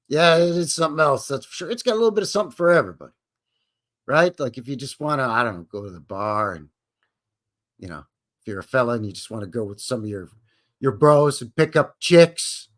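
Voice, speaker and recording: A man's voice: mid-range voice, a bit bright. A man hosting a live stream, greeting viewers in a jokey, folksy way with cowboy slang. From Canada. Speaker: livestream host. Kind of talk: casual live-stream chat.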